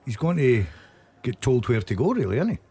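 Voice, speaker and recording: A man's voice: medium pitch, big pitch swings, a little fast, dark tone, slightly rough. A man, a football pundit making wry jokes in studio chat. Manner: wry, joking. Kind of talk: casual studio banter.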